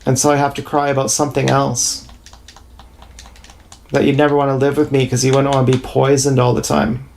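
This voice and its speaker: A man talking in a rambling, confessional livestream monologue, full of halting restarts, on an action camera with faint noise behind. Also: mid-range voice, completely flat delivery, gravelly, a little mellow.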